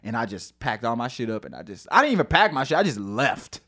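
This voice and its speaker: Animated, cursing man telling his story. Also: medium pitch, fast. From St. Louis, USA. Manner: animated, laughing, heavy use of "like" and swearing. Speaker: podcast guest, singer-songwriter. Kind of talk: casual storytelling conversation.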